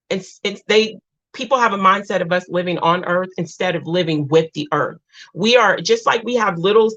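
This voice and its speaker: A woman's voice: medium pitch, a bit bright. A woman hosting a livestream, talking to viewers in a rambling, heartfelt way with lots of restarts. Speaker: live stream host. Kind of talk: emotional livestream chat with viewers. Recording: dull lo-fi stream audio.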